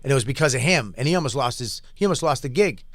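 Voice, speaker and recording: A man in his forties with a medium-pitched voice, recorded dry at a close studio mic. He is a comedian telling stories in a casual, profane way. He acts out the other people's lines as he goes. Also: racing, no echo. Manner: profane, animated storyteller who acts out quotes. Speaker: comedian and podcast host. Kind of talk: casual storytelling chat.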